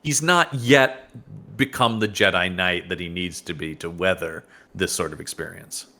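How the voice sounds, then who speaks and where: A man's voice: deep voice, normal speed. A man co-hosting a podcast, joking casually about a comic book and often restarting his sentences. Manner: jokey, animated, restarts sentences. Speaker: podcast co-host.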